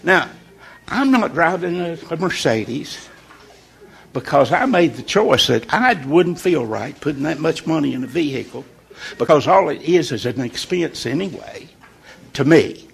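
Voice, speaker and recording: A man leading an informal morning devotional in a folksy, conversational way, pausing on purpose for emphasis. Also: fairly high pitch, big pitch swings, gravelly, slightly rough. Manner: folksy and conversational, with deliberate pauses. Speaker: devotional leader.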